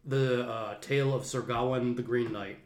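A man's voice: medium pitch, steady tone, moderate pace, a little mellow. Rambling male podcast host, roomy sound. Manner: rambling, lecturing, many restarts. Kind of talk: casual film discussion. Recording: roomy echo.

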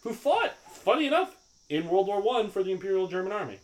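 A man co-hosting a podcast, chatting casually and going off on animated tangents with lots of yeahs. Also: high voice, fast. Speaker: podcast co-host. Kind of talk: casual film discussion.

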